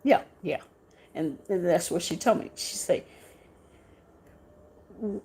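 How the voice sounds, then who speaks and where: A middle-aged woman hosting a casual live chat, talking softly and haltingly, often repeating her words. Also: lowish voice, sing-song, creaky, slight background noise. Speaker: show host.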